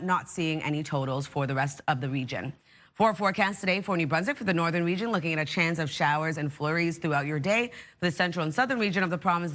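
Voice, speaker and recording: A woman's voice: deep voice, a bit bright. Woman reading a regional forecast. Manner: brisk, reads the forecast evenly. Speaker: TV morning host and weather presenter. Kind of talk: weather forecast and casual chat.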